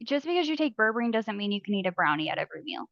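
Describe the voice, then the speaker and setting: A chatty woman with a fairly high voice co-hosts a casual podcast, quick to laugh and relatable. Her recording sounds dry and a little dull. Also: very animated, a bit bright, no room sound.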